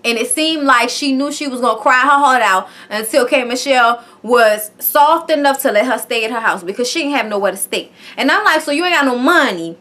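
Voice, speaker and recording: A woman's voice: fairly high pitch, a little fast, few pauses, fairly bright tone. A woman casually recapping a reality show, chatty and profane, tagging her lines with "okay?". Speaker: TV show reviewer.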